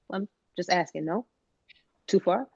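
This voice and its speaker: A woman's voice: lowish voice, takes it slowly, gravelly, darkish tone, lo-fi sound, a little hiss or hum. A woman co-hosting a casual podcast chat, talking in slangy, profane, rambling bursts. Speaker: podcast co-host.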